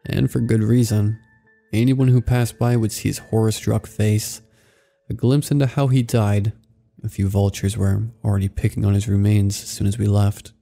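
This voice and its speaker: A man reading a scary story aloud in a measured, somber storytelling manner. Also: on the low side, creaky, warm tone. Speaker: narrator. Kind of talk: scripted horror story narration. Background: faint music.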